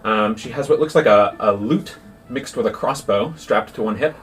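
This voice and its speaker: A man narrating as game master with a relaxed, halting delivery full of fillers. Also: on the low side. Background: faint music.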